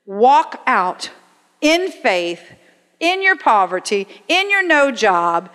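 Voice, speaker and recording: Woman preacher, middle-aged, slightly high voice, punchy conversational delivery, long hall reverb. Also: very animated, slow, pushed and bright. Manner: emphatic, conversational preaching with rhetorical questions. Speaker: guest speaker at a church. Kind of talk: sermon. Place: church sanctuary.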